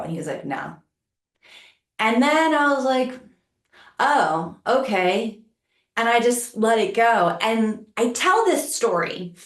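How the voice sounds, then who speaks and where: A woman co-hosting a podcast, telling a personal story with animated, lively quoted voices. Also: mid-range voice, roomy sound. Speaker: podcast co-host.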